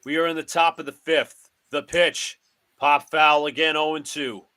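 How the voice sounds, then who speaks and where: A man hosting a live fan stream, calling each pitch of a baseball game in short clipped phrases. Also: steady tone, normal speed, sharp tone, smooth. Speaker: play-by-play host of a fan stream. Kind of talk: live fan play-by-play commentary.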